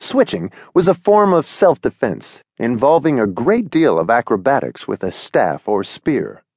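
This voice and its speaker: Man, audiobook narrator, lively, mid-pitched, expressive, dry studio sound. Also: unhurried, breathy edge, no room sound. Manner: expressive, storytelling. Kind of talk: scripted children's story narration. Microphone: close studio mic.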